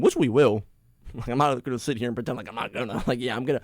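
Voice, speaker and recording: Excitable rambling man, dry sound. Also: mid-range voice, quick pace, no room sound. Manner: excitable and rambling, with many restarts. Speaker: sports podcast host. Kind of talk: casual solo sports rant.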